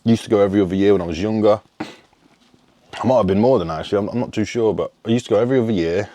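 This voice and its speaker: A man's voice: fairly low pitch, quick pace, warm tone, dry recording. A man, chatting casually to camera as a fitness coach, rambling and swearing freely. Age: 30s. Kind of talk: casual vlog chat.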